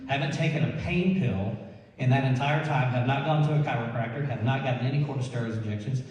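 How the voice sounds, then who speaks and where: A man telling a lively personal story to an audience, laughing and acting out the people he quotes. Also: medium pitch, fast. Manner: animated, laughing storyteller who acts out quotes. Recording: echoey hall, mic far off.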